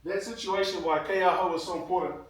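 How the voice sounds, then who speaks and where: A man's voice: high voice, fairly even intonation, fast talker, fairly bright tone, recorded from a distance. A man in his fifties, a former rugby player, giving an earnest motivational speech to students in a large hall. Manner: earnest storytelling, grows emotional. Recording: very echoey hall, heard from afar.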